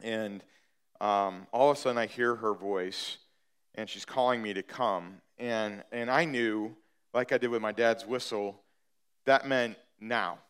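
A man's voice: fairly low pitch, fairly even intonation, measured pace, fairly bright tone, clear, resonant tone. A middle-aged man preaching a sermon, telling a personal story in a conversational way with many fillers and restarts, building to emphatic points. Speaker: pastor.

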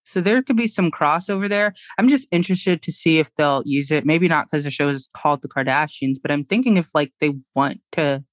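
A young woman chatting as a podcast guest, blunt and quick to laugh. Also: sits low, dry recording, clean studio sound. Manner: blunt, laughing, emphatic agreement. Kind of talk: casual chat.

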